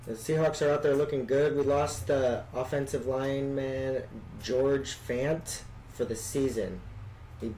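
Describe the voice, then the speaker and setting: A man's voice: mid-range voice, fairly even intonation, measured pace, mellow, slight background noise, rough recording. A man chatting casually about football results, often unsure of the details. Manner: easygoing, hedging recaps. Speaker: podcast co-host. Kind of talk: casual chat about sports.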